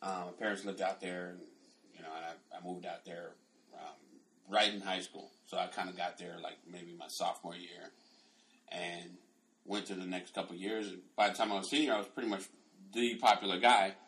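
A man in his late forties, a podcast co-host telling stories in casual chat, animated and swearing freely. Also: fairly quick. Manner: animated, laughing, swears freely, leaps high in pitch when acting out people.

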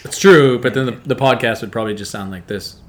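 A man's voice: medium pitch, quick pace, background noise. A man from Canada as guest co-host, chatting in a playful, rambling way with frequent laughs. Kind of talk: casual chat.

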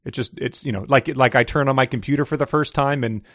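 A man's voice: mid-range voice, quick pace, a bit bright, no echo, clean studio sound. Amused man chatting dryly. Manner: laughs often, amused, trails off in restarts. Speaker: podcast co-host. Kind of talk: casual book-discussion chat.

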